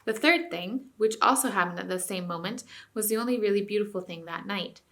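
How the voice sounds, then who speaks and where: Woman teacher, read-aloud storytelling for class, bright crisp tone. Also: medium pitch, a little fast. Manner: clear storytelling. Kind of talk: reading a novel aloud to a class.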